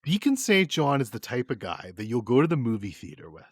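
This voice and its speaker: A man co-hosting a casual podcast, rambling and swearing, and laughing often. His voice is mid-pitched but swings widely. The sound is dry and close. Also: big pitch swings, fairly quick, no echo. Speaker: podcast co-host. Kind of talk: casual chat.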